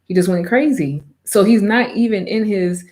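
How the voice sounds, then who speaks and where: A woman reviews an anime in a casual vlog. She is animated and emphatic and drops slang freely. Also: mid-range voice, moderate pace.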